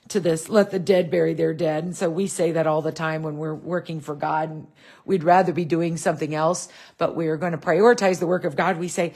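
A woman gives a casual Bible lesson in a low-pitched voice. She talks conversationally, with frequent fillers and restarts as she mixes a family story into her teaching.

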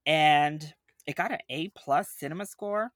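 A man's voice: on the high side, unhurried, a bit bright, dry recording, clean studio sound. A man co-hosting a casual movie podcast, reading box office numbers and ranting with profanity. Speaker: podcast co-host. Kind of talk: casual chat.

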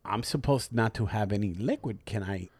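A husky, fairly low-pitched man speaks at normal speed with no echo. As a podcast host, he narrates a story casually, cursing a lot and performing the quoted lines in character.

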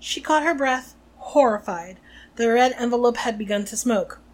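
A woman co-hosting a podcast, narrating a novel aloud in an expressive way and chatting about it. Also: a little high, moderate pace. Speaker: podcast co-host.

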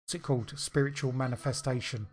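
A man's voice: medium pitch, steady tone, fast talker. A man co-hosting a podcast in casual chat, skeptical and teasing. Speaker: podcast co-host.

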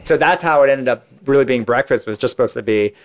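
A man at an ordinary middle pitch spins casual, rambling anecdotes as a podcast guest. He talks in a chatty way, trailing into asides and restarts. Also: fast talker. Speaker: entertainment interviewer, podcast guest.

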